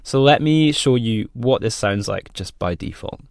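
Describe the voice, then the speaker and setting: A man presenting a software demo in a friendly, plain explanatory tone. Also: mid-range voice, expressive, unhurried, gravelly, no room sound, studio quality. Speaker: product presenter.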